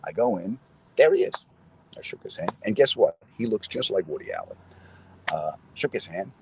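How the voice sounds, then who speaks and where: A man's voice: low-pitched, big pitch swings, normal speed, creaky, background noise. A middle-aged man, a comedian, chatting casually with viewers outdoors in a city square and telling stories with asides to his audience. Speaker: comedian host.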